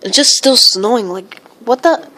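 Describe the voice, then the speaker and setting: A woman live-streams as a weather vlogger, reading viewer comments aloud, rambling with lots of fillers and frequent exclamations. Her voice is a little high and a little slow, with a sharp tone.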